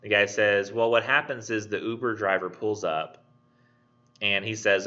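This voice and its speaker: A man's voice: lowish voice, measured pace, pushed and bright, dull audio. A man giving a recorded online college lecture, rambling with many fillers and restarts. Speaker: college English instructor.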